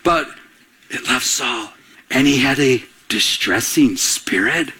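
A pastor preaching a sermon in a church, talking conversationally and often asking the congregation questions. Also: male voice, medium pitch, expressive, takes it slowly, pushed and bright, slightly rough. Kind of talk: sermon teaching. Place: church sanctuary.

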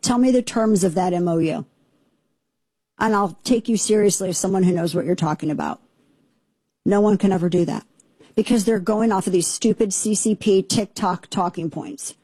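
A woman's voice: mid-range voice, normal speed, warm tone, husky, no echo. A woman hosting a talk radio show, delivering an indignant, sarcastic, rambling monologue into a studio microphone.

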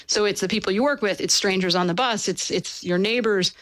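A woman being interviewed as an author, explaining and telling stories in a lively, casual way with fillers. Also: mid-range voice, brisk, no room sound. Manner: animated, storytelling with fillers and laughs.

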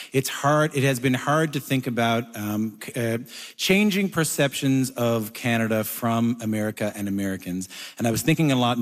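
A man hosting an interview, asking long questions with halting, searching phrasing. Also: medium pitch, long reverb tail. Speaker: interviewer host.

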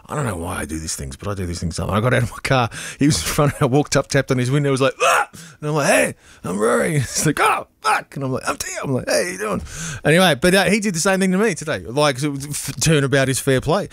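A man's voice: mid-range voice, rapid-fire, hardly any pauses, no room sound. A man hosting a community radio show, chatting casually and animatedly with listeners about requests and local bands, close on a studio mic. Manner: animated, chatty, puts on voices in anecdotes.

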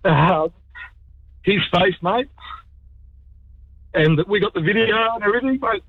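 A man's voice: sits high, lively intonation, measured pace, creaky, no room sound. A man with an Australian accent calling in to a radio show, grateful and a little emotional. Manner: grateful, emotional, calls host mate. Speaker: caller. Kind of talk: call-in radio chat. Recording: muffled phone line.

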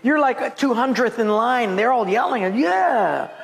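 A man's voice: moderate pace, a bit bright. A man preaching a sermon, telling stories and acting out the voices of people in them. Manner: storytelling, acts out quoted voices with big pitch jumps. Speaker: pastor.

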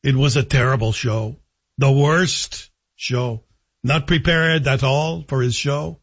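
A man's voice: mid-range voice, fairly even intonation, slow, a bit bright, husky, highs cut off, full character voice. A man putting on the voice of an elderly, blunt woman from Quebec, speaking in a Quebec French accent with clipped, indignant complaints. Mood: disdainful.

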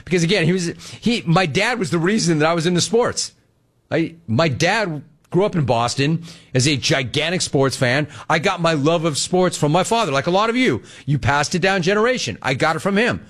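A man hosting a sports radio show, reading listener questions and answering them with casual anecdotes and quick impressions of people he talks about. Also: on the high side, expressive, a bit bright. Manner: storytelling, mimics people in anecdotes.

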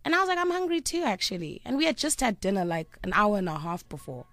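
A woman's voice: medium pitch, big pitch swings, quick pace, a bit bright, dry recording. A woman on a radio show, telling a story with animation, acting out the quotes and laughing. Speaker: radio co-host.

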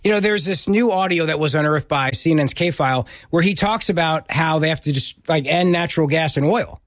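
A middle-aged man hosts political talk radio in an emphatic, opinionated way, often doubling up words as he drives a point home. His voice sits a little high for a man. The sound is dry and close, with no room echo. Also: a little fast, a bit bright. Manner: emphatic, repeats words when pressing a point. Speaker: radio talk show host.

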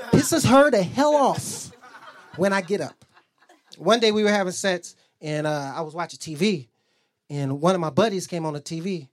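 A young man works a comedy club stage, spinning crude stories about home life and tossing quick asides to the crowd. His pitch swings widely from line to line. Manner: loose, profane storytelling with quick asides to the crowd. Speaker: stand-up comedian. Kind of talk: stand-up comedy set.

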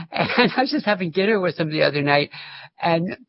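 In a dull lo-fi interview recording carrying a little hiss or hum, a former music teacher, now older, shares stories and laughs frequently. He sounds high-voiced and animated, keeping a moderate pace.

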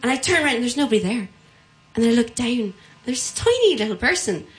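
A young woman with an Irish accent tells a funny personal story to a live crowd. Her voice sits a touch high, and she keeps the telling lively, slipping into the voices of the people she describes. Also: quick pace. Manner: lively, acts out quoted voices.

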